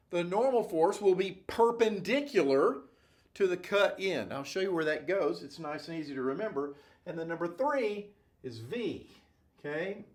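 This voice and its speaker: Lively, jokey male engineering instructor. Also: sits high, normal speed. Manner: playful, jokey, checks in with constant "okay?" and "right?". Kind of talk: classroom-style lecture at a whiteboard.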